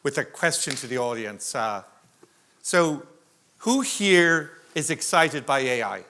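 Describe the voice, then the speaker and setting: A man's voice: mid-range voice, animated, slow pace, pushed and bright. A man moderating a conference panel, telling a humorous anecdote to the audience. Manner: joking, anecdotal. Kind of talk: conference storytelling. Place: conference hall stage.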